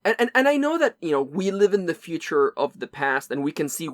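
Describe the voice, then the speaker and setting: A man's voice: a little high, very animated, fairly quick, no room sound, studio quality. A man co-hosting a podcast in casual chat, stumbling over restarts and cracking crude jokes. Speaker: podcast co-host.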